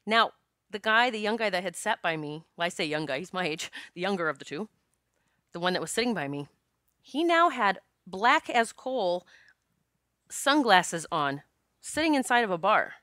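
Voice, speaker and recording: Female podcast host, candid storyteller, bright crisp voice, dry close sound, curses freely. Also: mid-range voice, normal speed, no room sound. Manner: frank and animated, swears and laughs often.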